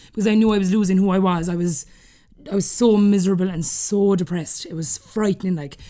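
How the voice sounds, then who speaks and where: A woman from Ireland with a Cork accent, in her thirties, rattles through a story at a quick clip. She is a guest on a podcast, chatting freely and breaking into laughter between phrases. Her voice sits at an ordinary middle pitch for a woman. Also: fairly even intonation, mellow. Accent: Irish, Cork. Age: 30s. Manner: chatty, laughing often while telling stories. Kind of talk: casual storytelling interview.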